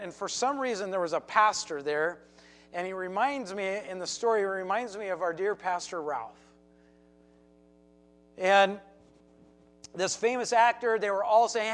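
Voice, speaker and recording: A man's voice: sits high, low-quality recording. A man preaching a sermon as pastor, telling a story with emphatic repeats and acted quotes.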